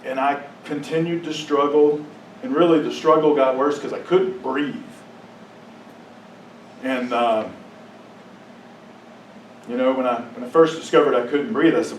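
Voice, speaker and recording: A man giving a personal testimony to a congregation, telling his story with emotion, sometimes dropping to a hushed, halting voice and sometimes rising to impassioned outbursts. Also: medium pitch, fairly even intonation, a little hiss or hum. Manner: drops to a hushed, halting voice at painful moments. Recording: echoey room, mic at a distance.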